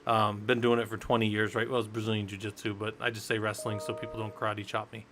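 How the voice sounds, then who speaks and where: A man's voice: lowish voice, little pitch movement, fast talker, background noise. A man teaching a live-streamed Linux class in a loose, rambling, conversational way, talking straight to his chat viewers. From United States. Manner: rambling, conversational, tells stories with acted quotes. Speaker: livestream Linux instructor.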